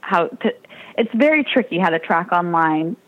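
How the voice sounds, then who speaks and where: A woman's voice: on the low side, animated, moderate pace, a bit bright, lo-fi sound. A young woman, a triathlete guest in an interview, telling her story casually and with animation, laughing often and acting out the voices of people she quotes.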